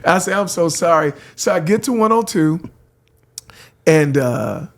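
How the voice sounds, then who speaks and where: Gravelly, animated storyteller man. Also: a little high, unhurried. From San Francisco. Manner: lively, acts out voices in anecdotes, laughs often. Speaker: radio host guest.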